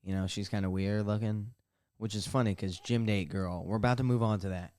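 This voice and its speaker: A young podcast host records a casual solo episode from his bathtub at home, telling a rambling, profane, self-mocking story. His lowish voice stays steady, fairly quick and darkish in tone.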